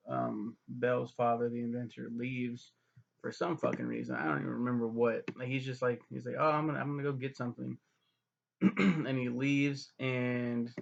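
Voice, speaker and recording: Gravelly man rambling through a movie recap. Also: medium pitch, dull audio. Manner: loose, profane, mimics characters in quick asides. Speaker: film reviewer.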